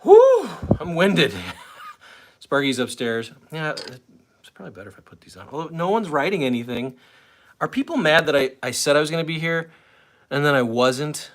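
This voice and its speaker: A man with a medium-pitched, slightly bright voice hosts a laid-back live fan stream at home, chatting and rambling with viewers and his dog and at times getting out of breath.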